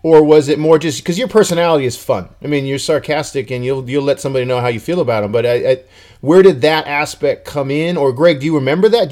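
A man's voice: on the high side, a little mellow. A man who coaches, hosting a casual interview and asking long, rambling questions. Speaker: podcast host and coach.

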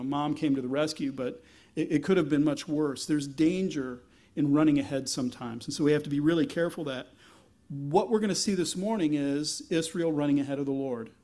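A male pastor giving a conversational sermon, explaining scripture with wry asides and lively emphasis when reading aloud. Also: on the high side.

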